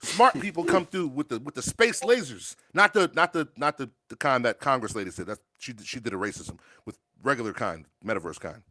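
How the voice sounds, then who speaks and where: A man's voice: medium pitch, animated, brisk, few pauses, sharp tone, dry recording. A man hosting a show, talking in casual, profane, joking rants. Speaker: show host. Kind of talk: casual podcast banter.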